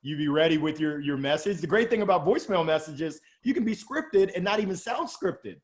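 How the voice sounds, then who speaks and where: A middle-aged man with a Southern drawl from Alabama, talking as a guest in an interview, animated and exuberant, joking about himself. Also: fairly high pitch. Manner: animated, exuberant, quick jokes. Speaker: guest sales coach. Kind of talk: energetic interview talk.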